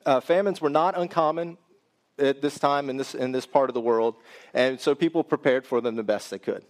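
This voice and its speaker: A man's voice: medium pitch, a little fast. A man preaching a sermon, reading scripture and then explaining it in a conversational way that speaks directly to the congregation.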